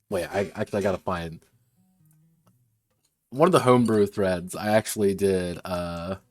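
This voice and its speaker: Rambling, low-voiced man. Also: moderate pace, faint music behind. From United States. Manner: rambling, swears freely, laughs often. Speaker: game designer streaming a workshop. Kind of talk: casual stream chat.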